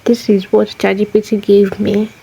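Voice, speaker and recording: A woman at an ordinary middle pitch talks through a screen-recorded tutorial in a warm, mellow voice. She moves methodically from one step to the next and often repeats key phrases. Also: monotone, moderate pace, creaky, a little hiss or hum, poor audio. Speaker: tutorial host.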